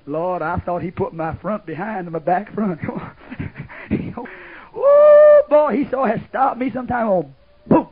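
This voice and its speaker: A man preaching a sermon, swinging from loud fervor to hushed asides and chuckles. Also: high voice, moderate pace, slightly rough. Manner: fervent preaching, swings from shouts to hushed asides, laughs often. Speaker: pastor. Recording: muffled old tape recording.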